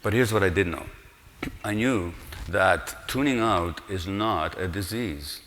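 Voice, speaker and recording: A man's voice: low voice, slow pace, fairly bright tone, slight background noise. An older man giving an earnest conference lecture in a large hall, explaining and posing rhetorical questions to the audience. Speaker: conference speaker, physician. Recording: long hall reverb.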